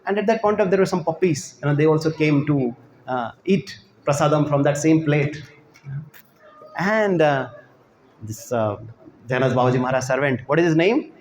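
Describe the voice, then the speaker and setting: A fairly high-voiced man tells devotional stories to pilgrims, often checking in with "right?" and leaning on "you know". His voice rings in an echoey space over a faint hum of ambience. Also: expressive, moderate pace. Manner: fills with "you know" and "right?", acts out quotes. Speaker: devotional speaker. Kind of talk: storytelling lecture on a pilgrimage.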